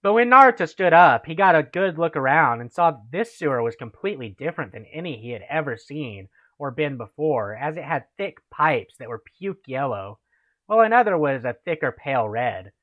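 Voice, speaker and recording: A man's voice: fairly high pitch, sing-song, brisk, no echo, narrow, tinny audio. A man hosting a stream, reading a fan story aloud to friends and swearing in his asides. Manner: reads with laughs and swearing asides. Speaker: channel host reading fan fiction.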